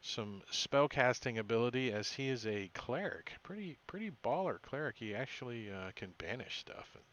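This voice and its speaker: A man running a tabletop game as game master, recapping the session in a halting way with many fillers and self-corrections. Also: medium pitch, expressive, a bit bright, highs cut off, a little hiss or hum.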